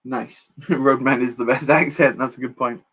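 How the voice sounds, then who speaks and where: A man's voice: mid-range voice, fairly even intonation, moderate pace, fairly bright tone, husky. A young man in easy live-stream chat, with an everyday mid-range voice. He responds to viewers and makes light jokes about himself as he works. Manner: chatty, reads chat aloud, self-deprecating jokes. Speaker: streamer building Lego live.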